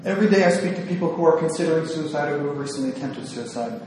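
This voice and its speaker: A man's voice: fairly high pitch, expressive, rapid-fire, a little mellow, slight background noise. A man, a psychiatrist, giving an earnest, self-deprecating talk to a gathering, a little nervous and restarting his sentences. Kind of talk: speech to a women's gathering. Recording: echoey hall, distant mic.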